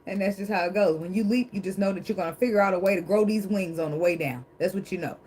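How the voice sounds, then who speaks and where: A woman's voice: medium pitch, quick pace, a little mellow, slight background noise, poor audio. A woman doing a casual tarot reading, talking emphatically and bluntly, with frequent swearing, laughter and preachy asides about faith. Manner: calls herself dramatic. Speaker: tarot reader.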